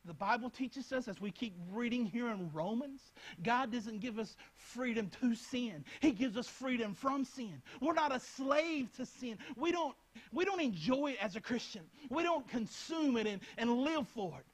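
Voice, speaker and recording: A man's voice: extremely high pitch, animated, moderate pace, slightly rough, poor audio. A young man preaching a Bible lesson, speaking earnestly and repeating phrases as he addresses his listeners directly. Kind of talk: Bible teaching talk.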